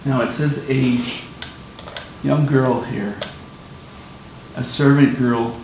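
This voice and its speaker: A man's voice: steady tone, slow pace. A man preaching a sermon on scripture, explaining emphatically and repeating his key points. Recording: very echoey room, faint rumble.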